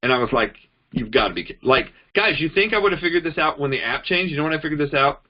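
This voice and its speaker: A man's voice: fairly high pitch, fast, lo-fi sound. A man giving a casual training talk on network marketing, telling stories in a chatty way and acting out both sides of his conversations. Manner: chatty, animated storytelling, acts out quoted dialogue. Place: indoors, demonstrating on a phone.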